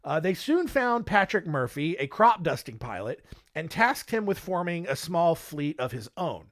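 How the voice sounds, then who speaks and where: A man's voice: fairly high pitch, sing-song, moderate pace, a bit bright. A man hosting a casual history podcast, jokey and rambling, with many filler words. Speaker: podcast host.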